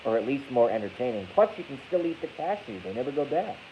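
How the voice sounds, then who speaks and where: Fast-talking and full of big pitch swings, this medium-voiced livestream host rambles casually. He tosses out crude jokes, mocks himself, and reads chat comments aloud. The sound is dull and lo-fi, with faint hiss.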